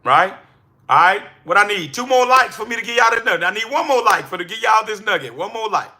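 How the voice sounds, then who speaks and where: A man coaches his live-stream audience in a high, very bright voice. He talks energetically and preaches, now and then breaking into excited shouts. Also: fast. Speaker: livestream host and business coach. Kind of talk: live-stream coaching talk to chat viewers.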